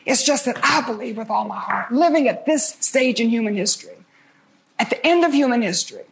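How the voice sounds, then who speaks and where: An older woman with a high voice preaches fervently. She retells Bible stories with emphasis and lets dramatic pauses sit between phrases. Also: animated, gravelly, a little hiss or hum. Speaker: guest speaker.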